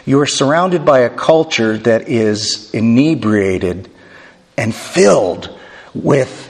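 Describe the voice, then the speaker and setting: Middle-aged man, pastor preaching; earnest, self-deprecating, deliberate emphasis; reverberant church hall. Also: mid-range voice, expressive. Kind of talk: sermon. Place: church sanctuary.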